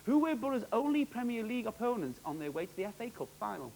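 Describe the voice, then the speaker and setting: A man hosting a televised quiz, with upbeat, jokey, quick quizmaster delivery. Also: sits high, big pitch swings, vocal fry, darkish tone, a little hiss or hum, low-quality recording. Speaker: quiz show host.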